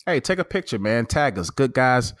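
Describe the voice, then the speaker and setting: A man's voice: mid-range voice, normal speed, dry recording. Dry-voiced man preaching cookout advice. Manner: preachy, animated storytelling. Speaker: podcast co-host. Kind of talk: casual chat.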